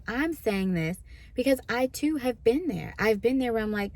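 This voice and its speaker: A woman minister gives a relaxed devotional teaching in a conversational way. She keeps checking in with her listeners and slips into quoted voices to act out their complaints. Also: medium pitch, moderate pace. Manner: conversational, asks listeners "right?".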